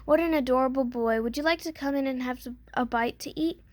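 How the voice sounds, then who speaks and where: A woman voicing a huge, lonely giantess in a storybook reading, booming and fussing. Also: brisk, darkish tone, dry recording, lightly acted.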